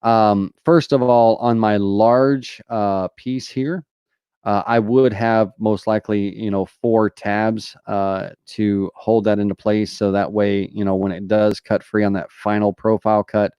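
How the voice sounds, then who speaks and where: Lowish Southern man, casual live tutorial. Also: fairly even intonation, unhurried, warm tone, clean tone, dry recording, clean studio sound. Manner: casual, many fillers like "uh" and "you know". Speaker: host answering viewer questions.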